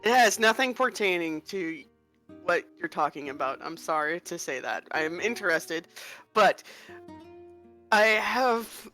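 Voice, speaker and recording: A woman's voice: deep voice, animated, normal speed, bright, forceful tone, soft background music. A woman playing a tabletop game, reacting bluntly and asking questions. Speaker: player.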